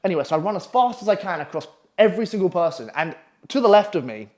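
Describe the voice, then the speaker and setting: A young man in his twenties tells a long story to the camera in a casual, swearing, animated way. His voice sits a bit high for a man, and he rambles with plenty of "like" and "anyway". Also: fast. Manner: profane, animated, rambling with frequent fillers.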